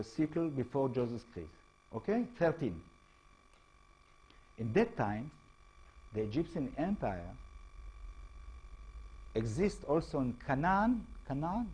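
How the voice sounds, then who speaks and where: A man with an Israeli accent lecturing as an author, speaking halting English and often checking in with tag questions. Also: medium pitch, dark tone, breathy edge, rough recording. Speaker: author giving a talk. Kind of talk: lecture to an audience.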